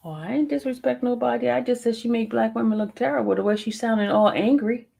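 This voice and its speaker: A woman's voice: a little high, fast, creaky, dark tone. A middle-aged woman hosting a live stream, chatting casually and laughing with viewers she calls y'all. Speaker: livestream host. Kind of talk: casual livestream chat.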